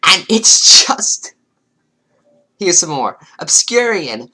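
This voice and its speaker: A woman's voice: low voice, expressive, a little slow, pushed and bright. A woman giving sarcastic, exasperated commentary while reading online comments aloud. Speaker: commentary youtuber.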